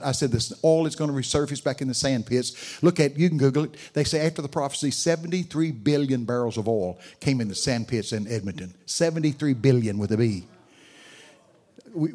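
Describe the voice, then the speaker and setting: With a darkish tone and a mid-range pitch, an older man speaks a little fast. He's a guest speaker preaching a sermon, sharing stories and chatting with people in the audience.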